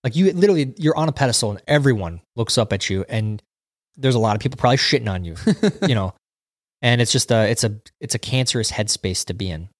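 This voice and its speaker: A man's voice: mid-range voice, lively intonation, fast, no room sound, studio quality. A man hosting a casual livestream, reading viewer comments aloud and chatting about them. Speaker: livestream host reading chat. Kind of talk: casual chat.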